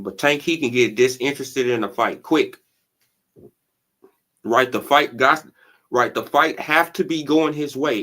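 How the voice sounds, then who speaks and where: An animated man hosts a casual livestream about boxing. He talks in loose slang, laughs a lot and keeps checking in with "right?" and "bro". His voice sits at an ordinary middle pitch for a man. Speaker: boxing commentary channel host.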